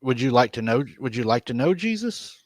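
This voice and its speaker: A man's voice: medium pitch, very animated, a little fast, dry recording. A man hosting a casual call, easygoing, asking plain questions. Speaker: host. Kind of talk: casual chat.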